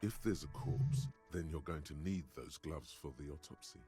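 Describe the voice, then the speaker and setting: A man's voice: extremely low pitch, normal speed, warm tone, faint music behind. A man voicing a grave, brooding male narrator in a video game, with a solemn, ominous delivery.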